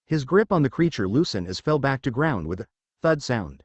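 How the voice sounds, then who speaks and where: A man reading a fan fiction story aloud as narrator, in an even, steady way. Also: medium pitch, moderate pace, slightly rough, dry recording, dull audio.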